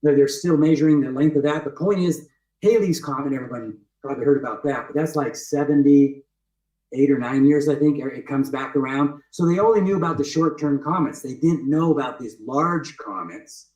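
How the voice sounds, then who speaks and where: A man's voice: a little high, brisk, warm tone. Insistent man, echoey and distant. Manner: insistent, repeats his points, asks the audience rhetorical questions. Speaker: webinar presenter walking through his book. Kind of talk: emphatic teaching talk. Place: outdoors with trees behind him. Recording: echoey sound, voice distant from the mic.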